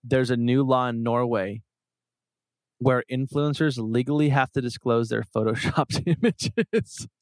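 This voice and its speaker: A man's voice: mid-range voice, unhurried, dry recording. A man co-hosting a podcast in casual banter, telling a playful, rambling story and joking with his co-host.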